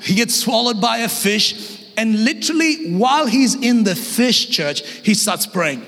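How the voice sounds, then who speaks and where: An Australian man preaching a lively sermon as guest pastor, humorous and energetic, shouting at the peaks. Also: sits high, measured pace. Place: church hall. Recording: long church hall reverb.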